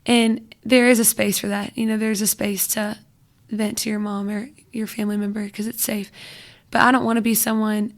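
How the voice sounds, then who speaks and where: A woman's voice: mid-range voice, little pitch movement, moderate pace. A young adult woman guesting on a podcast, chatting casually and filling her speech with "like" and "you know".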